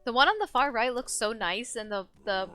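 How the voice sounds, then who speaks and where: Bright-voiced woman streaming a game, chatty and giggly, music going faintly behind. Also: on the high side, expressive, fairly quick, no echo. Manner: chatty, giggly, reads chat aloud. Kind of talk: live game stream chat.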